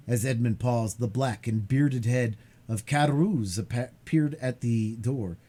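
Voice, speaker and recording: Man, live read-aloud narration, husky, expressive. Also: medium pitch, measured pace, few pauses. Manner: expressive, occasional stumbles. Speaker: streamer reading a novel aloud. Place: home streaming setup.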